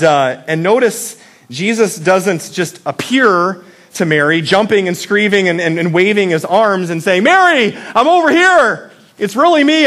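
A man's voice: high voice, a bit bright. A male pastor giving a casual, joking Easter sermon, often checking in with "right?" and asking the audience reflective questions.

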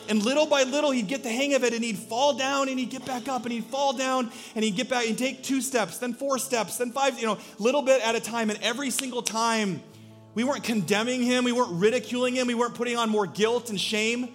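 A male pastor preaching a sermon, telling stories in an animated way and acting out quotes. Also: extremely high pitch, fairly quick, soft background music.

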